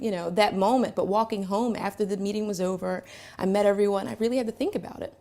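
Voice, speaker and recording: A woman from Philadelphia telling a personal story, reflective and halting, with many pauses and fillers. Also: medium pitch, steady tone, creaky, warm tone. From Philadelphia, Pennsylvania.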